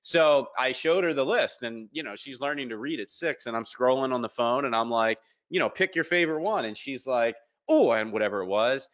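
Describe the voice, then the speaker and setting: Bright-voiced man telling a story. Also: medium pitch, brisk, few pauses. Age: 30s. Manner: animated storyteller, acts out quoted voices, many ums. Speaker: podcast guest. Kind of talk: casual storytelling interview.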